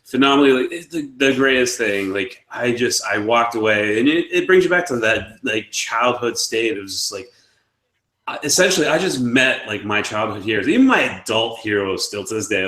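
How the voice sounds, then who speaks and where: A man's voice: fairly low pitch, fairly bright tone, roomy sound. A man co-hosting a live show, telling a long story in a casual, rambling way and laughing often. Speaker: podcast co-host.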